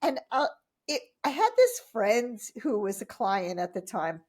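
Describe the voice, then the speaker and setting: A woman in her fifties, a guest on a podcast, telling stories in a casual, animated way, laughing often and acting out what people said. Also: mid-range voice, a little slow. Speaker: podcast guest, triathlete and coach. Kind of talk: casual interview storytelling.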